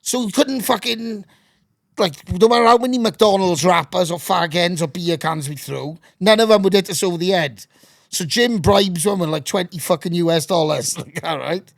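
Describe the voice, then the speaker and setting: Middle-aged male podcast guest: raspy, higher-set voice, profane and animated, recorded dry and close. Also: normal speed, dry recording. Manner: swears constantly, animated anecdotes. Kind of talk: casual storytelling.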